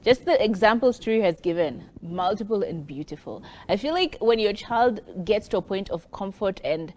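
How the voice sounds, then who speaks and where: A woman's voice: medium pitch, lively intonation, normal speed, a little mellow. A woman co-hosting a talk show, giving earnest parenting advice in a casual discussion. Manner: earnest, advice-giving, acts out quoted children.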